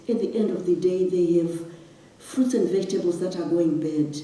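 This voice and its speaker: On stage in a large hall, a Zimbabwean woman shares a heartfelt personal story as a guest speaker and rises to impassioned questions. Her voice sits on the low side, warm, with fairly even intonation and moderate pace, recorded echoey from a distant mic.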